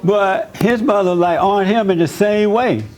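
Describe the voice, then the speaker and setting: A man's voice: high voice, a little slow, crowd noise. A man hosting a church talk as pastor, blunt and joking, often laughing as he gives advice. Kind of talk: casual church counseling chat.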